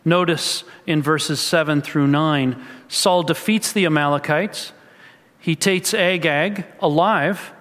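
A man with a fairly high voice preaches through a passage of scripture, now and then slipping into a character's thoughts with lifted emphasis. The sound carries the long reverb of a church sanctuary. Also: takes it slowly, a bit bright. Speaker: pastor. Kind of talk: sermon. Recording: reverberant hall.

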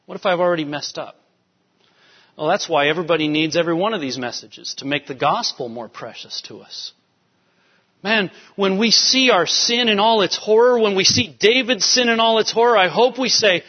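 A pastor preaching a sermon with emphatic, rising urgency. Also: male voice, sits high, expressive, normal speed. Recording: dull sound with long hall reverb.

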